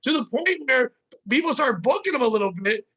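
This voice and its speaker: Podcast co-host, male; high, bright, animated storyteller who acts out characters. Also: fairly quick. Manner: animated, profane, mimics people mid-story. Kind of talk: casual storytelling chat.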